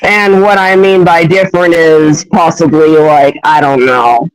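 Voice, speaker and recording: A young man pitching a fan story, hesitant and rambling with many fillers. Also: steady tone, measured pace, clean tone, dry recording, rough recording. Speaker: fan voice actor.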